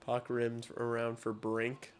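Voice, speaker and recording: A man streaming live as he watches hockey, chatting bluntly and profanely with his viewers and now and then working up into loud rants. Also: mid-range voice, monotone, takes it slowly.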